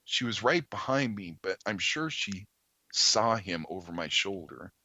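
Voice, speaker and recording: A man, a podcast guest, earnestly telling a story in conversation, halting with many ums and restarts. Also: deep voice, expressive, bright, forceful tone, dry recording, highs cut off.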